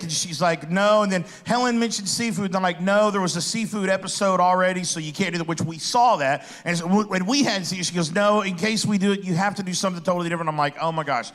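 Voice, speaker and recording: A middle-aged man with a notably high voice for a man. He chats casually and tells stories with animation, acting out other people's lines as he goes. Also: fast talker, hardly any pauses. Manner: animated storyteller acting out quotes. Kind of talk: casual chat.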